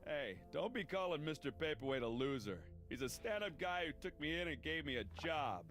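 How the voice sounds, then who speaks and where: A gruff museum guard. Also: male voice, a little high, expressive, fairly quick, a bit bright, faint music behind. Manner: blunt, streetwise.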